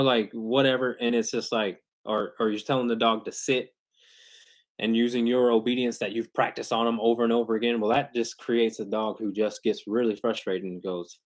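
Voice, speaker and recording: A dog trainer hosts a live Q&A stream, speaking casually with slang and frequent restarts. His voice sits in the mid range, delivered flatly at a normal speed. The internet livestream audio is glitchy.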